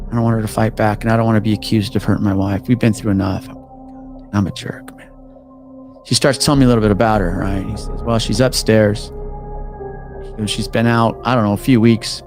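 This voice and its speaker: A man telling a true story on a podcast in casual talk, acting out the people in it and dropping into hushed tones. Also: fairly low pitch. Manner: animated, acts out quoted people, drops to hushed tones.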